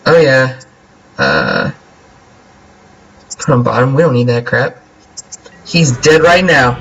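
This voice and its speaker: Young male gamer, husky voice, playful running commentary on his own match. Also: medium pitch, expressive, a little slow, pauses often, fairly bright tone, poor audio. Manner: playful, jokey, talks to himself while playing. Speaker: gameplay commentator. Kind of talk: casual game commentary.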